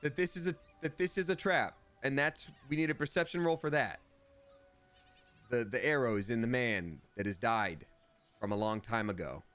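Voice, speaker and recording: A man streaming a game live, chatting excitedly and reading viewer comments aloud. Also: medium pitch, moderate pace, soft background music. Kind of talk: casual live gameplay commentary.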